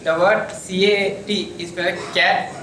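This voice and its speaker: A young man presenting in class, spelling words letter by letter in a brisk recital. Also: sits high, flat delivery, bright, forceful tone, a little hiss or hum. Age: young adult. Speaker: student presenter. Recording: echoey classroom from far off.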